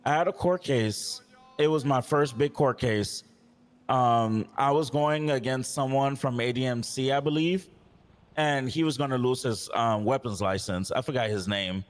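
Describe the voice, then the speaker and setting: Playing a police officer in a role-play game, this man airs an in-character complaint, frustrated and detailing past exchanges. His mid-range voice keeps a measured pace, with a big-room sound.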